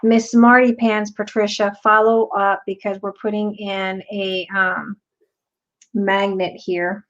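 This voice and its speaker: A woman's voice: medium pitch, little pitch movement, slow pace, fairly bright tone, lo-fi sound. A woman hosting a craft tutorial, chatting casually and teasing playfully as she works. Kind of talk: casual demo while crafting.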